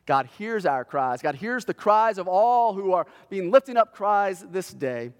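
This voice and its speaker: A man preaching a sermon, earnest and measured, slowing and rising in pitch when he quotes scripture. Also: big pitch swings, big-room sound. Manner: earnest, slows and lifts his voice when quoting scripture. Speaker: pastor.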